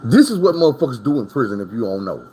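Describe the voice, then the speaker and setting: A man's voice: medium pitch, big pitch swings, fast talker, mellow, a little hiss or hum. Profane, rambling man telling stories. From Arkansas. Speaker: storyteller recounting prison stories. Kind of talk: casual storytime monologue.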